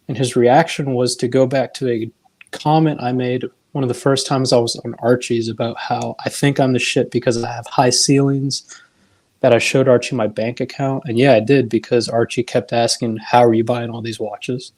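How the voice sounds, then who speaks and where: A man's voice: medium pitch, level tone, moderate pace, darkish tone. A man in a heated live-stream argument. He sounds defensive and exasperated, and he swears when pressed. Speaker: watch community member.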